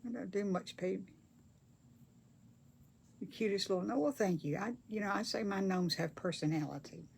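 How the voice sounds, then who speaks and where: A woman's voice: mid-range voice, moderate pace, creaky, long pauses, a little mellow, slight background noise. An older woman chats casually with viewers during a craft livestream, reading their comments aloud in a folksy way. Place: home craft table.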